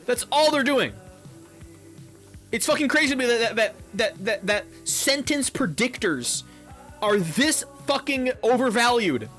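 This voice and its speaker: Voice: medium pitch, sing-song, normal speed, a bit bright, faint music behind. A gaming YouTuber ranting over gameplay in a heated, profane way, often repeating words.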